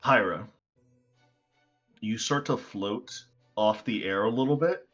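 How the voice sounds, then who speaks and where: A man's voice: fairly low pitch, takes it slowly, fairly bright tone. A man running a tabletop game as game master, narrating casually with lots of fillers. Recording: dull lo-fi recording with faint music.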